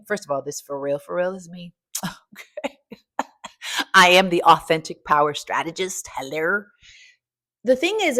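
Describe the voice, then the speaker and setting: A middle-aged American woman coaching and hosting, talking in an energetic, preachy and casual way, dropping in "y'all" and swinging from soft asides to loud exclaiming. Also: mid-range voice. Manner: casual colloquial speech with "y'all" and "ain't". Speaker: coach and podcast host. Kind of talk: energetic motivational talk.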